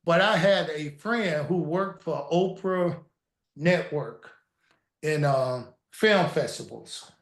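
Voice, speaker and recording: A man with a high voice tells his stories in an animated, lively way and slips into the voices of the people he quotes. The recording has a roomy echo. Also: slow. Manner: animated storytelling, acts out quoted dialogue. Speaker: guest storyteller. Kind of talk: casual interview chat. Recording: echoey room.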